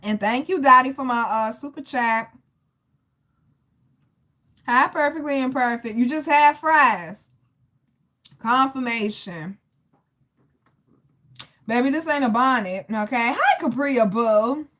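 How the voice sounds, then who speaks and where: A woman giving a casual live tarot reading, chatty and animated, calling listeners baby and greeting viewers. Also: high-pitched, takes it slowly, pauses often. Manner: loose and animated, laughs and greets chat viewers. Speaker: tarot reader.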